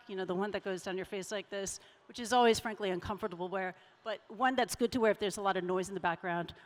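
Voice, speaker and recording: A middle-aged woman giving a conversational, emphatic talk on public speaking as a keynote speaker at a summit. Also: on the high side. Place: large event hall. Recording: reverberant conference hall.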